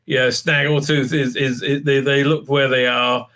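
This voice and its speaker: A man's voice: mid-range voice, level tone, a little slow, sharp tone. A man from Israel giving a casual, rambling recap of a TV episode, full of fillers and restarts, with a sarcastic edge. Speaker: TV show reviewer. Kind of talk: casual recap with mocking impressions.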